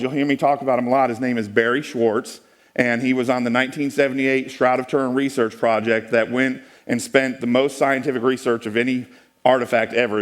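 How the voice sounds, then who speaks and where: A man giving a folksy, joking presentation to a live audience, with many restarts. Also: mid-range voice. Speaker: speaker giving a talk.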